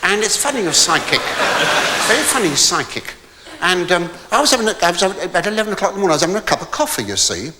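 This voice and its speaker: A man's voice: high-pitched, sing-song, fast talker, background noise. An older man telling a rambling comic story on stage in a debating hall, stammering with false starts and theatrical asides. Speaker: stand-up comedian.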